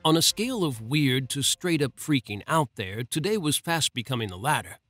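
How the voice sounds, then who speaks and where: A man narrating a romance audiobook in a steady, measured reading. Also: medium pitch, soft background music.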